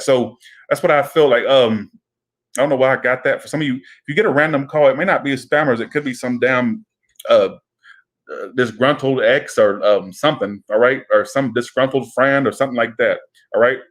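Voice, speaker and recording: A male tarot reader talks to his viewers in a loose, rambling way, swearing freely and wandering into asides. His voice sits at an ordinary pitch for a man, and his delivery is casual and direct. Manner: rambling, profane, chatty.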